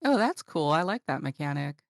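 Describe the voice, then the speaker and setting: A woman's voice: deep voice, very animated, fairly quick, no room sound, clean studio sound. A woman hosting a podcast and interviewing a guest with brief, prompting questions. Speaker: podcast host.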